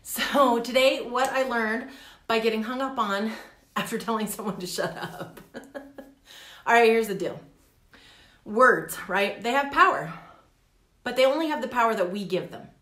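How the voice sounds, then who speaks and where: A middle-aged woman talking candidly in a personal vlog, animated and laughing often. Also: a little high, a little slow, pauses often, roomy sound. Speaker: vlogger. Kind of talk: casual personal vlog talk.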